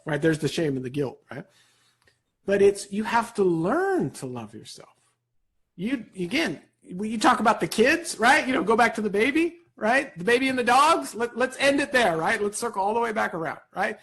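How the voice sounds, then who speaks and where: A man speaking as a guest in an interview, giving an energetic motivational talk, animated and rapid, with a husky voice. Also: high-pitched. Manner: animated, rapid, peppered with "right?".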